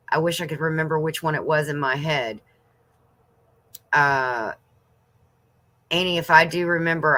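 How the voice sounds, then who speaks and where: A woman's voice: deep voice, pushed and bright. A woman in her fifties hosting a casual livestream, reading viewers' comments aloud and chatting back to them. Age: 50s. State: coughing now and then. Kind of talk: casual chat.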